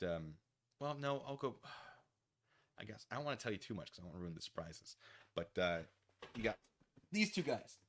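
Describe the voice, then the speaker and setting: A man's voice: fairly low pitch, a bit bright. A man streaming, telling a story casually and acting out quoted people in silly voices.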